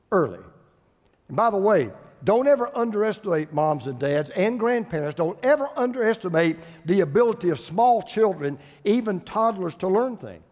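An older man preaching a sermon as pastor, emphatic, repeating phrases for stress. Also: sits high. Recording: long hall reverb.

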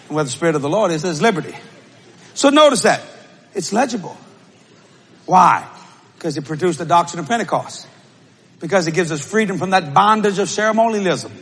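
A man preaching a sermon and telling a story, with shouted bursts and laughing asides. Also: sits high, husky. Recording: live audience, faint crowd noise.

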